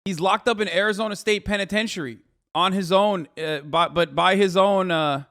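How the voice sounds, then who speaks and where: A man's voice: high voice, normal speed, a bit bright, dry recording, clean studio sound. A man hosting a live stream, joking crudely and rambling in casual chat. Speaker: streamer host.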